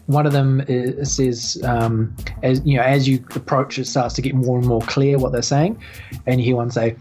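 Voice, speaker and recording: A woman's voice: a bass voice, level tone, unhurried, dark tone, faint music behind. A woman narrating as game master in a tabletop game, easygoing and filler-heavy.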